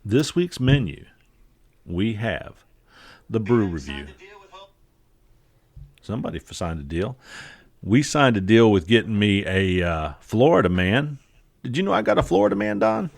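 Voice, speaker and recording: A man hosts a loose, joking podcast chat, full of "uh" and "I tell you what." His voice sits a little low and sounds dry and close. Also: big pitch swings, a little slow, creaky, pauses often, no echo. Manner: folksy, joking, many fillers. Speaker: podcast host.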